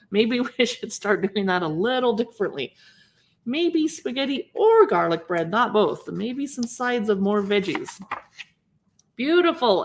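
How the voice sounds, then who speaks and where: A woman in her fifties, a little high and a bit bright in tone, hosts a relaxed livestream. She chats while flipping through a cookbook, reading recipe names aloud and saying hello to viewers. There's a faint hiss or hum in the audio.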